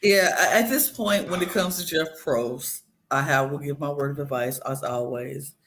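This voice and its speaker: A woman co-hosting a podcast, ranting in an animated, casual way with lots of slang. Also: low voice, normal speed. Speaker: podcast co-host.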